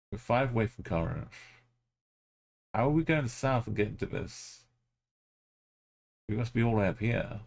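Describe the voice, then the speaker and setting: A man's voice: fairly low pitch, creaky, a little mellow. A man streaming a game live, thinking aloud as he plays and chatting with his viewers.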